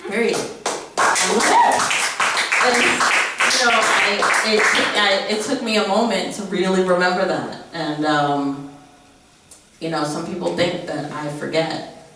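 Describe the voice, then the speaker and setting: A young woman performing spoken word and stories at an open mic, candid and blunt, laughing often and acting out sharp back-and-forth dialogue. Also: lowish voice, fairly even intonation, measured pace, pauses often, noisy background. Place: venue room at an open mic. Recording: very echoey room, mic at a distance.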